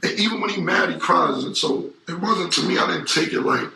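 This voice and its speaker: A man's voice: high-pitched, animated, fairly quick, vocal fry, hardly any pauses, pushed and bright, slight background noise. A man in his forties talking in a casual interview, emphatic and repetitive, with a profane street way of speaking. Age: 40s. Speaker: interview guest. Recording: roomy echo.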